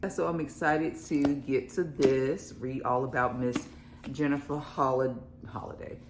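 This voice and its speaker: A woman's voice: very deep voice, steady tone, a little slow, noisy background. A woman book vlogger chatting casually to camera, laughing often and filling her talk with "y'all" and "um".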